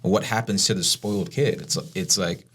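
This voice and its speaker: Male co-host, 40s, very deep, relaxed and affirming, reflective. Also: moderate pace, husky. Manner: affirming, reflective, says "dude" often. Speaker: podcast co-host. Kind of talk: casual podcast conversation.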